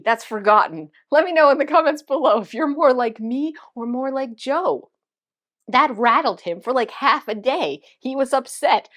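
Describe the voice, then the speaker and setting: A woman, a vlog host telling a story to camera in an animated, dramatic way and acting out the quotes. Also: sits high, moderate pace.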